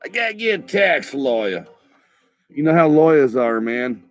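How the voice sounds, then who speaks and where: A man's voice: on the high side, big pitch swings, moderate pace. A man ranting in a heated, profane monologue for his vlog, often stumbling over his words and restarting, with a laid-back stoner drawl. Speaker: vlogger.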